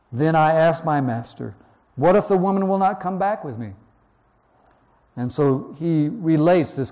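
A man preaching verse by verse, reading scripture slowly and then explaining it in a conversational way. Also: mid-range voice, mellow. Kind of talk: verse-by-verse Bible teaching.

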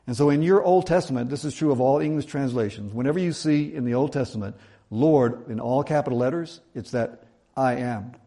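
A middle-aged man preaching to his congregation, his voice sitting at an ordinary pitch. He reads the verses aloud and then talks them through in an easygoing, explanatory way. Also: mellow. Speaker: pastor. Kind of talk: sermon.

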